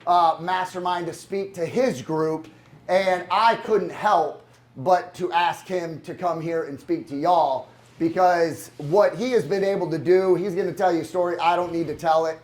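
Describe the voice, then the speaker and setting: A man's voice: sits high, fairly even intonation, a little slow, darkish tone. A man hosting a live event, introducing the next speaker in a loose, joking, profane way. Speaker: event host. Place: conference room with live audience.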